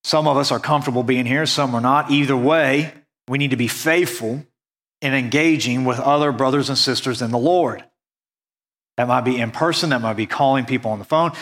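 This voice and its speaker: A man from the United States preaching a sermon, earnest and conversational, slowing down to stress key points. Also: medium pitch, a bit bright. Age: adult, went on a mission trip after high school. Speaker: pastor.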